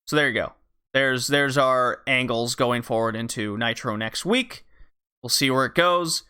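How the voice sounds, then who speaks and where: Bright, clear-voiced podcaster guy. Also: medium pitch. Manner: blunt and profane, loose with fillers. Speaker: podcast host. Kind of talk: casual wrestling podcast recap.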